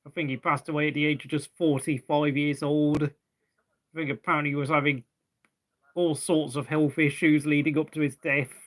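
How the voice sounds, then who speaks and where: A man's voice: fairly high pitch, flat delivery, normal speed, fairly bright tone. A young man hosting a live race watchalong, chatting casually and rambling to fill the gaps between race updates. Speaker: watchalong host.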